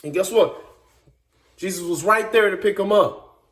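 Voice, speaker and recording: A man's voice: high-pitched, moderate pace, fairly bright tone, reverberant. A man preaching informally in an earnest, emphatic way, repeating and restarting his phrases as he builds each point. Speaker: speaker giving a devotional message.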